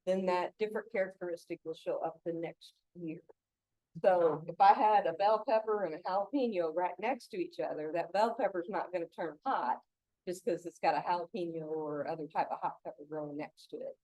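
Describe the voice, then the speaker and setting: Woman, gardening teacher, casual and chatty, laughs a lot, lowish voice. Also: brisk, dark tone, no room sound. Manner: chatty, laughs often, many fillers. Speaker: gardening instructor. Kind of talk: casual gardening talk with stories.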